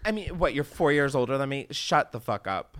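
A woman's voice: extremely low pitch, expressive, a little fast. A woman in her late twenties, a guest comedian in casual chat, rambling and swearing freely. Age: 20s. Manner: rambling, profane, laughing easily.

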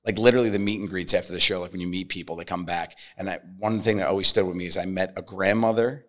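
A man's voice: deep voice, fairly even intonation, quick pace, fairly bright tone. A man guesting on a podcast, chatting casually and acting out other people's voices in his stories. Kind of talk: casual storytelling chat.

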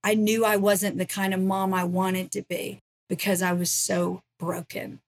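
A middle-aged woman recounts her personal testimony as an interview guest. Her pitch sits mid-range for a woman. She speaks in an earnest, emotional storytelling manner. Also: level tone, unhurried. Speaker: ministry founder, guest.

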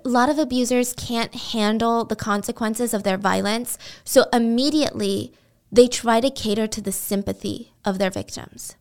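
A woman with a somewhat high voice recounts a true-crime case in a relaxed, chatty podcast style. She is expressive and animated, often slipping into quick impressions of the people involved. Her delivery stays conversational throughout. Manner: animated, expressive, acts out quotes. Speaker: podcast host. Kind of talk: casual true-crime storytelling.

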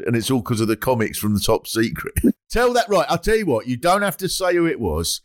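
Lively man hosting a comedy podcast. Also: medium pitch, brisk, dry recording, studio quality. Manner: jokey, animated interjections. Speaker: podcast host. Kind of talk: casual chat.

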